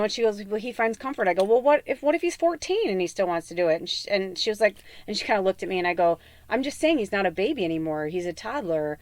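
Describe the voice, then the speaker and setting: During a casual spiritual podcast, a woman gives a tarot reading and wanders through a story packed with fillers, acting out quoted lines with sudden jumps in pitch. The sound has no echo.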